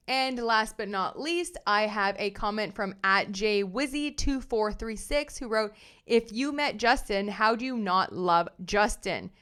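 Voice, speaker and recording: A woman hosting a casual commentary show, reading viewer comments in an animated, sassy way with slang. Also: medium pitch, a little slow, clear, resonant tone. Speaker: commentary host.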